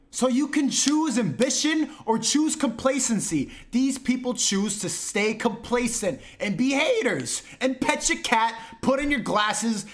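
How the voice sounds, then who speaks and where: A man with a very high voice rants to his livestream chat. He mocks, swears and bursts into shouting. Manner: loud mocking, profane, shouting. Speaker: streamer.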